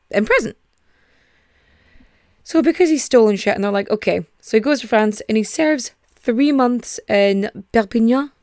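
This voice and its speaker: A woman's voice: fairly high pitch, darkish tone, dry recording, clean studio sound. A young woman hosting a podcast, telling a true-crime story in a chatty, digressive way with casual swearing. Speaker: podcast host.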